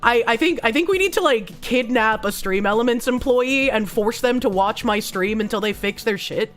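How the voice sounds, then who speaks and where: A woman with a hoarse, sick-sounding voice, chatting casually on a live stream as she reads donations, rambling and swearing freely. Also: a little high, lively intonation, moderate pace, a bit bright, soft background music. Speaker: streamer reading chat and donations.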